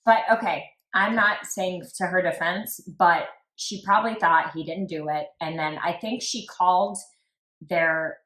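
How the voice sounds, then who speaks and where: A woman's voice: lowish voice, measured pace, fairly bright tone. A woman co-hosting a true crime podcast, talking casually and reading out quotes. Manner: reads quoted texts aloud, conversational. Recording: echoey room.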